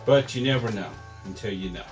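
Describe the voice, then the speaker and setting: A DIY homeowner vlogger talks through a home how-to project while he works, rambling casually, thinking aloud with plenty of fillers and sometimes sounding a bit winded. He has a fairly low voice, speaks a little fast, and there's loud music behind him.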